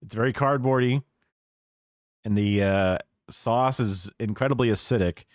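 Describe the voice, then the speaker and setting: A man's voice: medium pitch, unhurried, dry recording, clean studio sound. A man streaming live, reacting to a video with rambling, musing remarks and profane asides.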